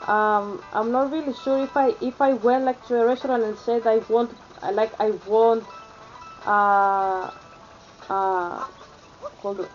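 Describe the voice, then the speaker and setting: Vlogger, young woman, Athenian Greek accent, fairly high voice, halting filler-heavy chat, dull lo-fi audio over faint music. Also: fairly even intonation. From Greece. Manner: halting, many fillers and restarts. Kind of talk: rambling casual vlog chat.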